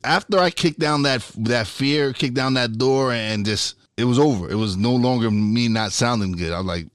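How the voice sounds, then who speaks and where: A man's voice: mid-range voice, normal speed, few pauses, dry recording, studio quality. A man hosting his own podcast, talking in casual chat, swearing freely and restarting his words as he gets fired up. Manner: profane, animated, repeats and restarts words. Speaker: podcast and radio host.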